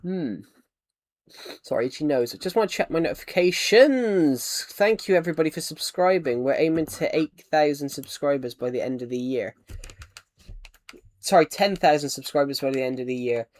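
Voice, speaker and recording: English guy live streaming, kinda high voice, rambles and repeats himself. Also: expressive, moderate pace, a little mellow, no echo. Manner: repeats and restarts phrases while reading chat aloud. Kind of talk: casual live-stream chat.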